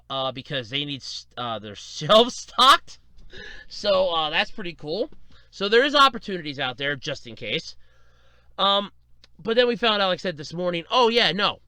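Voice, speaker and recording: A man hosts his own podcast, rambling through casual stories about his week and acting out what people said in animated retellings punctuated by laughs. His voice sits on the high side, with a clean tone and no echo.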